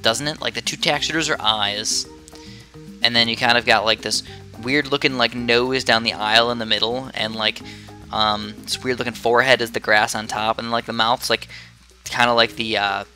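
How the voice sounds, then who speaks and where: Bright-voiced chatty man at his headset. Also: mid-range voice, steady tone, moderate pace, faint music behind. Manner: chatty, rambling, easily distracted. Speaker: gaming commentator. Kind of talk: casual gameplay commentary. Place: his own room.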